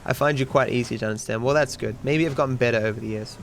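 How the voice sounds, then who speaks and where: Medium in pitch and gravelly, this man talks rapid-fire over faint background music. A twenty-something Australian streamer and speedrunner, he rambles and swears freely while talking with his chat during a run.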